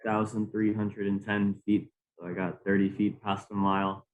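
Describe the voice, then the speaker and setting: Low-voiced man rambling about a climb. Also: monotone, normal speed, highs cut off. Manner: rambling, many fillers. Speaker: guest climber. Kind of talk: casual podcast chat.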